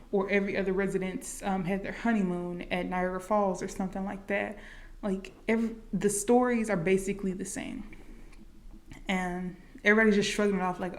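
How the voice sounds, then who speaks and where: A woman talking through a film's story in a relaxed, chatty way, peppering it with "like" and "um". She slips into quick quoted lines as she goes, at an everyday pitch. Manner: chatty, many likes and fillers. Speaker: movie reaction vlogger. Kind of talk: casual movie recap.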